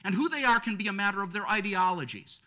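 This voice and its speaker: A man speaking on a law school panel, arguing his case with rhetorical questions and an animated, persuasive manner. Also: sits high, fast. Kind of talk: lecture-panel argument. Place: law school lecture event.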